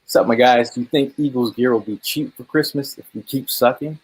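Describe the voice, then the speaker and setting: A man's voice: mid-range voice, fairly quick, husky, rough recording. A man hosting a casual live sports chat, laid-back and joking. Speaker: podcast host.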